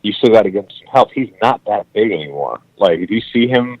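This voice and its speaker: Deep voiced dude on a podcast, blunt and cussing, dull dry sound. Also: male voice, expressive, brisk, crowd noise. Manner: blunt, opinionated, swears. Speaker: podcast co-host. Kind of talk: casual chat.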